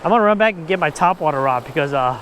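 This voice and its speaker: Young male fishing vlogger, high-pitched, quick to shout with excitement, outdoor action-cam sound with faint background hiss. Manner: excitable, bursts into exclamations and laughs. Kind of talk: casual on-the-spot commentary. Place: outdoors at a river spillway. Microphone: action camera.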